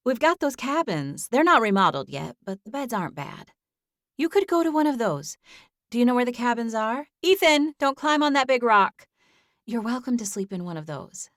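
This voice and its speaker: A woman's voice: on the high side, no echo, studio quality, voice pushed up. A woman voicing a kind, flustered grandmother who fusses and talks on and on, in an audiobook. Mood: kindly.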